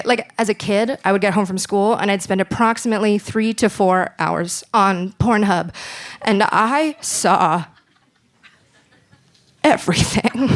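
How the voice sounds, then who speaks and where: A young woman performing a stand-up set on a club stage, dry and deadpan with bursts of laughter. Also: mid-range voice. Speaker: stand-up comedian.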